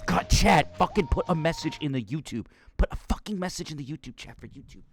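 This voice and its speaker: Excitable young man streaming a game. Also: on the high side, a little fast. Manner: excitable, swearing, riffing to chat. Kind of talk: gaming livestream commentary.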